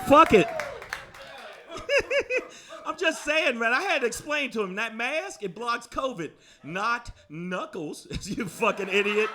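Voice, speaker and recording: A man's voice: high voice, noisy background. A man doing a brash, profane stand-up comedy set in a comedy club, riffing with the crowd. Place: comedy club before a live audience. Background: audience laughter.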